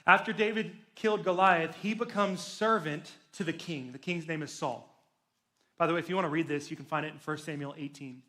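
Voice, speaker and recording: Young man, youth pastor, casual sermon, animated storytelling, high voice. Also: fast. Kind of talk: sermon to teens.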